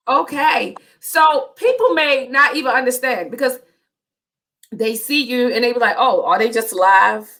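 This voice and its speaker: Host: chatty woman, bright higher voice, informal live-stream banter. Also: takes it slowly, slight background noise. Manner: chatty, laughs often, informal. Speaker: host of author reading show. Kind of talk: casual live-stream chat.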